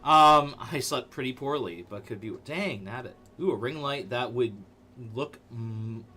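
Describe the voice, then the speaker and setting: A man hosting a live stream in casual chat, loud, excitable and rambling. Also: mid-range voice, a little slow. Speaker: livestream host.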